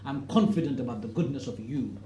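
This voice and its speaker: Animated man telling a story in an echoey hall. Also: mid-range voice, a little fast, a little hiss or hum. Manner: animated storyteller, acts out quoted voices, rising to loud emphatic points. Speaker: speaker giving a talk to an audience. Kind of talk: storytelling public talk. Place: hall with an audience.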